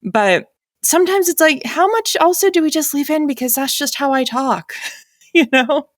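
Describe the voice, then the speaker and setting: A woman's voice: high voice, lively intonation, normal speed, no room sound, clean studio sound. A woman audiobook narrator from New England with a light New England accent, chatting casually on a panel with many fillers and frequent laughs.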